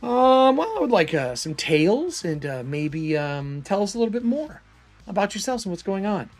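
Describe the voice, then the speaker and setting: A man's voice: sits high, very animated, moderate pace, faint music behind. A man doing a chirpy little gremlin cook. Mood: hesitant. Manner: chatty, welcoming, hesitant. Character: small friendly green-eared gremlin cook.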